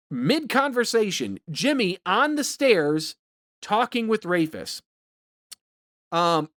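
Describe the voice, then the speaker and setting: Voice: medium pitch, fairly bright tone, dry recording. Podcast cohost ranting thru a movie recap, swears a lot, rambles, dry close mic. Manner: profane, rambling, exasperated. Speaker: podcast co-host recapping a film. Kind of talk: casual chat.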